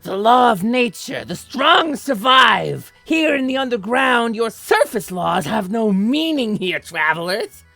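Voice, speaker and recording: Woman doing a grandiose ratfolk guard for a tabletop game, loud, slow proclamations, lively pitch. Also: vocal fry, no echo, faint music behind, full character voice. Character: pompous dramatic ratfolk guard, male. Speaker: game master voicing character.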